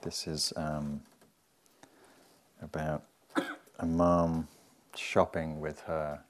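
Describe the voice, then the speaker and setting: A man, a meditation teacher, giving an informal dharma talk in a relaxed, chatty way, often saying "you know" and laughing softly. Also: extremely low pitch, very slow.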